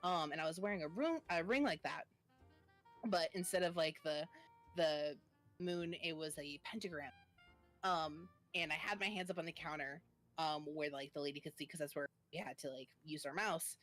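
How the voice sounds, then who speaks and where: A woman's voice: low-pitched, moderate pace, a bit bright, soft background music. A woman in her twenties, a guest on a stream, chatting casually and telling a story with lots of fillers.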